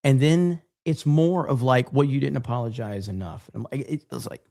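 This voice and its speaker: A man's voice: mid-range voice, normal speed, gravelly, dark tone, dry recording, clean studio sound. A male livestream host reading super chats aloud in casual chat, swearing freely and laughing often.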